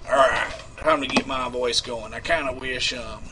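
A man's voice: medium pitch, steady tone, normal speed, heavy background noise. A man hosting a casual live prank call show, loose and laughing, swearing freely. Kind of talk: casual live-stream chat.

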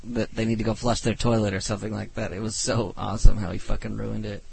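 A man's voice: on the low side, flat delivery, fast, gravelly, darkish tone, a little hiss or hum. A young man chatting casually with friends, laid-back and amused, swearing freely. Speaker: friend listening in. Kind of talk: casual chat.

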